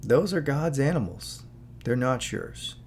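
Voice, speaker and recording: Male host, casual moralizing commentary, mid pitch, rambling asides, slight background hum. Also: lively intonation, unhurried, darkish tone. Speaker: channel host.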